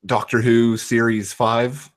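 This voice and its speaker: A man with an American West Coast accent in casual podcast chat, hesitant and halting with many fillers. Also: mid-range voice, level tone.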